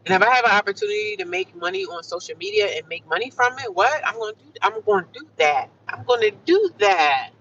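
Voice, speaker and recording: A woman's voice: mid-range voice, expressive, fairly quick, hardly any pauses, a bit bright, far from the mic, muffled recording, a little hiss or hum. A middle-aged woman chatting casually while driving, upbeat and full of affirmations, calling her viewers "honey" and "child.". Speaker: vlogger livestreaming from her car. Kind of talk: casual chat.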